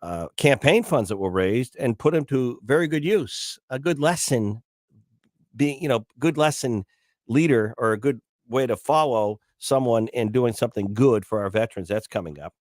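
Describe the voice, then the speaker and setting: A man hosting a morning radio talk show, telling stories in a chatty, animated way with many restarts. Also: medium pitch, normal speed, no room sound, studio quality. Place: radio studio.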